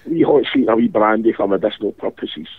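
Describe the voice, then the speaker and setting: A man's voice: lowish voice, wildly swooping pitch, fast talker, creaky, breathy edge, no echo. A man with a Glasgow accent calling in while ill with a cold, rambling and swearing his way through casual banter. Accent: Scottish, Glasgow. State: ill with a cold, rough-voiced. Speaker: caller. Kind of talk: casual chat. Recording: tinny phone line.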